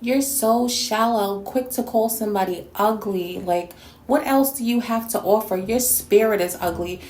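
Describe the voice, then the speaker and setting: A woman's voice: mid-range voice, normal speed, warm tone, roomy sound. A woman from New York City hosting a response video, talking bluntly and scolding with plenty of sass. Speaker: YouTube reactor and host.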